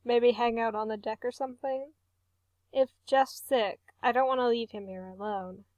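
A woman's voice: on the high side, steady tone, moderate pace, darkish tone, no room sound, natural voice. Woman voicing a caring young father, earnest, concerned, audiobook, dry close sound. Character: caring young man, protective single dad. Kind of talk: audiobook reading.

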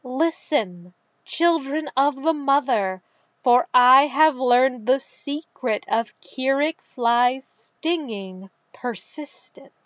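A wise, solemn leader woman who speaks to her people, as a woman narrator puts her on in a storybook reading. The delivery is slow and measured. The sound is dull and dry. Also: high-pitched, expressive, no echo.

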